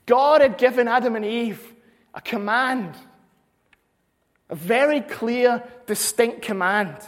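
A man's voice: very high voice, takes it slowly. A man preaching a sermon, earnest, repeating phrases for emphasis. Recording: long hall reverb.

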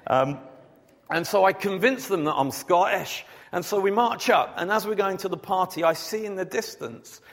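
A man's voice: high-pitched, moderate pace, creaky. A man preaching a sermon, mixing scripture with humorous storytelling. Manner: storytelling with humor, animated when acting out scenes. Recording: long hall reverb.

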